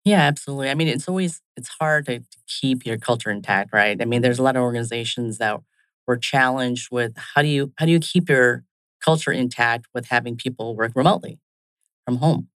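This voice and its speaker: A man's voice: mid-range voice, a little fast, fairly bright tone, clean tone, no room sound, rough recording. A man being interviewed as a business leader, speaking in business phrases and leaning on "kind of" and "right?". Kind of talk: conversational interview.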